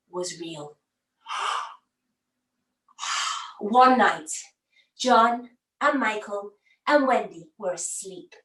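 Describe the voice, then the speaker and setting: A woman leading a children's yoga lesson by telling a story, animated and gasping with wonder. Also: a little high. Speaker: kids yoga teacher. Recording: roomy, from a distance.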